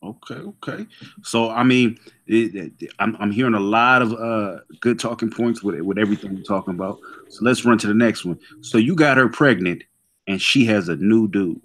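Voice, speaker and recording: A man's voice: lowish voice, normal speed, a bit bright. A man hosting a casual podcast debate, posing provocative questions. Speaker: podcast host.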